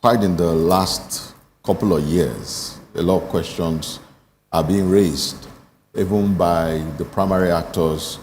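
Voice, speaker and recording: A man speaking as a panel guest, measured and hesitant, restarting his phrases. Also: sits low, steady tone, a little mellow, a little hiss or hum. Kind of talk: panel discussion.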